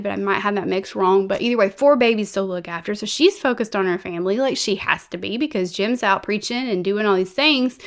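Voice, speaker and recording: A woman's voice: medium pitch, a bit bright. A woman, hosting a true crime channel and telling the story in a chatty, rambling way full of fillers and restarts. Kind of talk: casual storytelling monologue.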